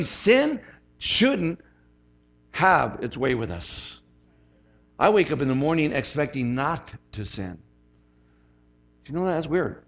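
A man's voice: a little high, creaky, a bit bright. A man preaching as a pastor, conversational and emphatic, often repeating his phrases. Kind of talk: sermon.

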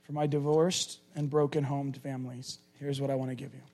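A middle-aged man preaching a sermon as a pastor, animated and acting out the people he talks about. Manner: animated, acts out people in quick high voices.

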